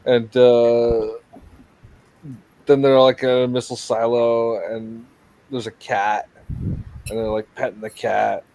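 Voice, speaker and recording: A man of middle pitch hosts a casual livestream, talking on a computer mic over a video call. He rambles through his stories, stumbling on restarts and tossing in dry jokes. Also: flat delivery, slow pace, pauses often, a little mellow, no echo, low-quality recording. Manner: rambling, restarts and jokey asides. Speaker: show host.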